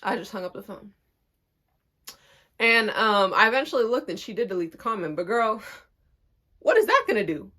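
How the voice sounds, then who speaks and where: A young woman vlogger telling a story in a casual storytime style, animated and acting out the people in her story. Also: medium pitch, a little fast, pauses often.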